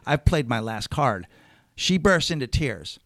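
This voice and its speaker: A middle-aged man, a comedian guest, telling a rambling, animated story in casual chat and swearing freely. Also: mid-range voice, a little slow, no echo, clean studio sound.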